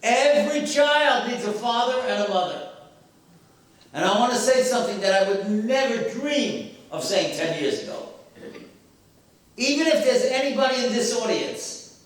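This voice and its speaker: A man's voice: very high voice, lively intonation, normal speed. A man giving an emphatic sermon-style talk with stories and rhetorical questions to an audience in a hall. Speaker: speaker at a memorial gathering. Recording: very echoey hall, voice far from mic.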